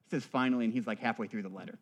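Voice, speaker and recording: A man's voice: lowish voice, fairly even intonation, very fast, a little mellow, slightly rough. Man preaching a rhythmic sermon. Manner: rhythmic, building to fervent emphasis, wry asides. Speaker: priest. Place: church.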